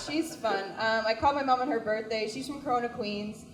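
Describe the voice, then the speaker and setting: A young woman performs stand-up comedy in a small venue with noticeable echo, her voice pitched fairly high. Her style is chatty and self-deprecating, and she peppers her sentences with "like."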